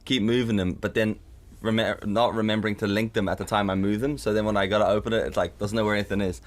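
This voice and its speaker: A man's voice: lowish voice, flat delivery, fast. A man from the United Kingdom co-hosting a podcast, chatting casually with dry, teasing banter. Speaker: podcast co-host. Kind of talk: casual chat. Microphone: studio microphone.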